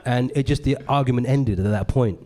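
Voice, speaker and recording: A man, a comedian talking casually in an interview and often slipping into loud put-on voices when quoting people. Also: mid-range voice, a little fast. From Britain. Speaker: comedian guest. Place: live podcast recording in a venue.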